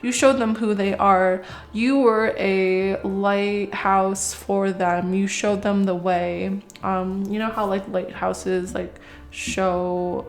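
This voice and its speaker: A woman's voice: medium pitch, vocal fry. A woman giving a casual tarot reading to camera, rambling and chatty, with many fillers, and swearing when she gets worked up. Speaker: tarot reader.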